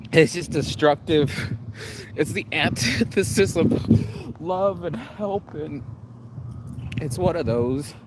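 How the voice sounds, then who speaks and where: A man in an emotional vlog, talking raw and rambling through tears and laughs while out in the rain on a street. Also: high-pitched. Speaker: vlogger. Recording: noisy outdoor street recording. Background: street noise and passing vehicles.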